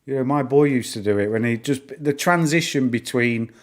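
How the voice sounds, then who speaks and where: A middle-aged man chatting through a live stream at a mid-range pitch. He rambles from point to point in a casual, easygoing way, often amused by his own asides. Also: moderate pace. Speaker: stock-market live streamer.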